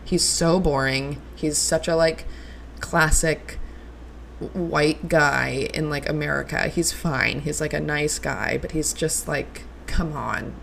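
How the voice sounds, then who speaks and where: A woman's voice: low voice, fairly even intonation, takes it slowly, creaky, a bit bright, slight background noise. A young woman hosting a solo podcast, gushing and chatty with lots of likes and ums. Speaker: podcast host. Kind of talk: casual solo podcast chat.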